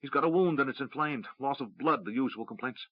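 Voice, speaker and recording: A man's voice: mid-range voice, a little fast, dry recording, voice pushed up, natural voice. A man voicing a desperate young soldier and father, urgent and strained, in a dry, slightly dull recording. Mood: weary.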